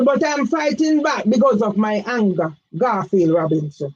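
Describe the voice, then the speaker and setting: A woman's voice: mid-range voice, normal speed, a little mellow, breathy edge, highs cut off. A woman, giving an emphatic direct-address complaint, firing pointed questions at one man by name. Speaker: campaigner vlogger.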